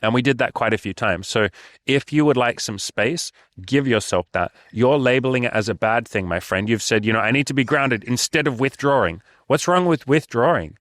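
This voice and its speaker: A man's voice: mid-range voice, lively intonation, normal speed, fairly bright tone, dry recording. A man giving frank, casual dating advice, swearing freely and calling the listener brother. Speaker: dating coach.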